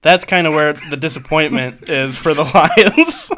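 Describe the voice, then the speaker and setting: A man's voice: on the high side, sing-song, unhurried, a bit bright, a little hiss or hum. A man from Michigan co-hosting a podcast, telling stories in a jokey, casual way and laughing often. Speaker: podcast co-host. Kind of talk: casual storytelling chat.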